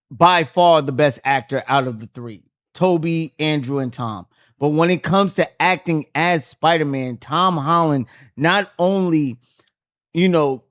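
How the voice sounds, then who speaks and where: High-voiced man hosting a podcast. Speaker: podcast host. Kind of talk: casual podcast chat.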